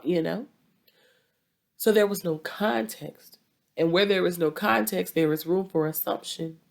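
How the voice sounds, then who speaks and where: A woman's voice: fairly low pitch, measured pace, creaky. A woman with a Southern US accent hosting a relationship advice talk, speaking directly and repeating points for emphasis. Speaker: relationship advice podcast host.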